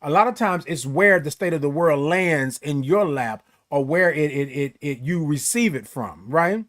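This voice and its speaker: A man hosting a casual morning live stream, greeting viewers by name with long, drawn-out, sing-song good mornings and talking in a relaxed, encouraging way. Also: on the high side. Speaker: host.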